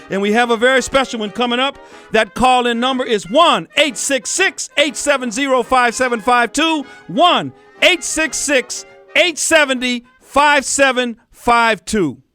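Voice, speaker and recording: Angry, bright-voiced talk radio man. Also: very high voice, normal speed, clear, resonant tone, faint music behind. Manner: angry, fired-up ranting, addresses listeners as folks. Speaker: radio talk show host. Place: radio studio.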